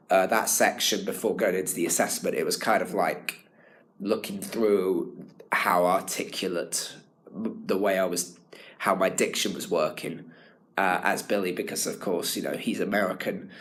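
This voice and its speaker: A man's voice: deep voice, fairly even intonation, moderate pace, a bit bright. A young man giving a rambling self-evaluation as a drama student. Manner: rambling, full of fillers and restarts.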